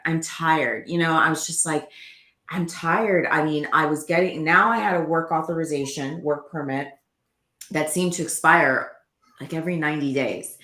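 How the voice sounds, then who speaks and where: A woman with a notably low voice tells her story in an earnest, animated way, slipping into quoted dialogue as she goes. The sound is roomy and echoey around her. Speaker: guest. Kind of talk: personal storytelling in conversation.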